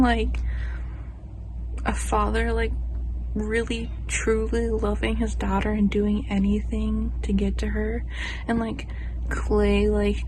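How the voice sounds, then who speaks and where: At home in casual chat, a young book vlogger from Florida, USA gushes about books, packing her talk with "like" fillers and baby-talking to her pet. Her voice is medium in pitch with a darkish tone, and there is slight background noise.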